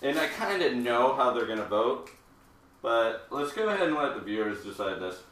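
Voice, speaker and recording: Jokey bright-voiced man, roomy distant sound. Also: medium pitch, very animated, normal speed. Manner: rambling and jokey, with many fillers and asides. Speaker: hairdresser hosting a live haircutting show. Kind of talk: casual live-stream chat while demonstrating a haircut. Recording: roomy, distant live-stream audio.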